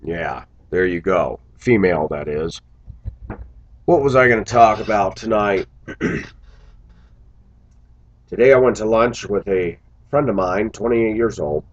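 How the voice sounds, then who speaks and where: A man's voice: on the low side, a little slow, pauses often, dull audio. A man talking to his viewers in a casual vlog monologue, musing aloud and breaking into exclamations. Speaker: vlogger.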